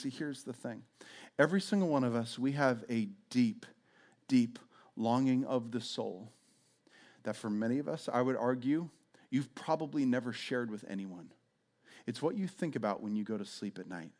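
A man's voice: medium pitch, moderate pace, a little mellow. A man giving a conversational sermon as a pastor, with frequent stammering restarts, acting out voices as he goes.

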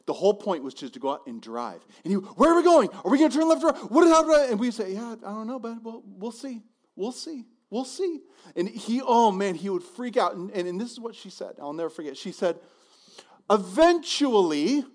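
A man preaching a sermon as a pastor, telling a personal story and acting out the voices of the people in it. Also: high voice. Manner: animated, acts out voices in his stories.

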